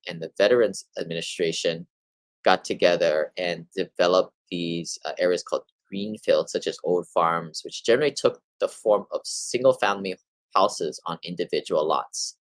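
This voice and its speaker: A man's voice: deep voice, normal speed, dry recording, poor audio. A man hosting a monthly real estate market update, talking casually and rambling a little, with fillers and restarts as he sums up articles. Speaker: real estate investing host.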